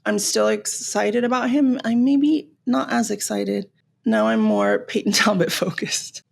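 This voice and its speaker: A woman from Los Angeles hosting a podcast, ranting in an animated, sarcastic way and swearing freely. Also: mid-range voice, a little slow, creaky. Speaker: podcast host. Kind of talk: casual rant.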